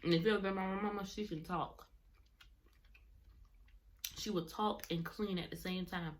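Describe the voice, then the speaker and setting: A woman's voice: fairly low pitch, steady tone, normal speed, a little hiss or hum. A young adult woman vlogger telling a personal story in casual, rambling talk, often correcting herself mid-sentence. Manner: rambling, self-correcting, colloquial.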